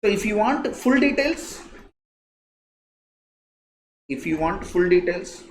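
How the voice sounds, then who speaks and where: A man's voice: sits high, animated, takes it slowly. A male teacher with an Indian English accent, giving a live online lecture, repeating key phrases for emphasis in a conversational way. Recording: echoey room, faint noise.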